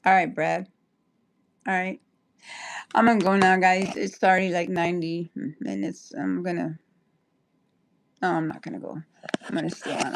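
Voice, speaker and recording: A woman's voice: fairly low pitch, normal speed, pauses often, a little hiss or hum. A woman chatting on a livestream, rambling and apologetic, stopping and restarting her sentences. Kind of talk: casual livestream chat.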